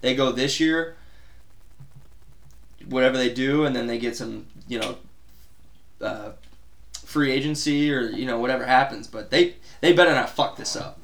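A man co-hosts a casual sports podcast, telling his stories with real gusto and acting out what others said. He swears freely, and his mid-pitched voice bounces around a noticeably echoey room. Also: normal speed, vocal fry, pauses often, slight background noise. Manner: animated storyteller, swears freely, acts out quotes. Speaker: podcast co-host.

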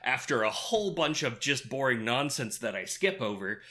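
A man's voice: mid-range voice, big pitch swings, normal speed, pushed and bright. A man recapping a movie plot in casual, crude, sarcastic podcast chat. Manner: sarcastic, crude, laughing often.

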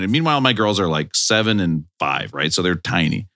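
Middle-aged male podcast co-host, rapid storyteller, dry close sound. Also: lowish voice, dry recording. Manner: animated anecdotes, acts out quoted lines. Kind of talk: casual chat, storytelling.

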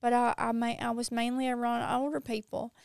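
Middle-aged woman, Mississippi drawl, slightly high voice, casual chatty guest, laughs a lot. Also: a little fast, clean tone, no room sound, studio quality. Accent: Mississippi Southern. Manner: animated, laughs often. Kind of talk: casual chat.

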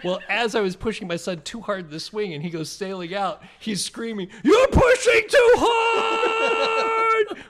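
A man's voice: sits high, fairly quick, hardly any pauses, noisy background. A middle-aged man on a casual podcast, telling a rambling anecdote that he keeps correcting and restarting as he goes. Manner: rambling, self-correcting storyteller. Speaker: podcast co-host and trivia player.

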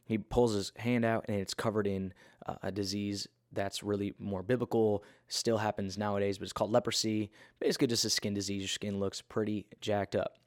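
A man's voice: on the low side, no room sound, clean studio sound. A man giving a casual, earnest Bible talk in a conversational, self-deprecating way.

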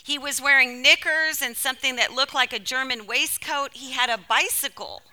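A woman from California delivering a sermon by telling a personal story in an animated, emotional way. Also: sits high, moderate pace, clean tone. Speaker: speaker.

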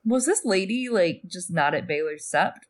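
A young woman chats with her co-host in a relaxed, conversational way. Her humor is dry, and she slips sarcastic quips in as she talks. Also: medium pitch, moderate pace. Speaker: podcast co-host. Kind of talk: casual chat.

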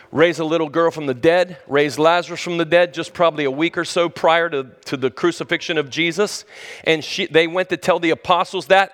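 A man preaching a sermon who talks straight to his listeners and swings between loud, high exclamations and low, hushed lines. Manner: conversational, addresses the listeners directly. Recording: long reverb of a large hall.

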